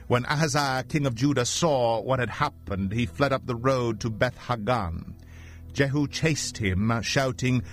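A man narrating a scripture passage in a steady, even reading voice. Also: mid-range voice, measured pace, soft background music.

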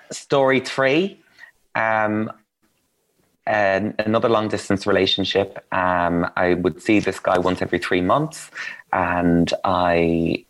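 A man telling candid, self-mocking stories in a casual chat, with plenty of ums and asides. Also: deep voice. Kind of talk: casual anecdotal storytelling.

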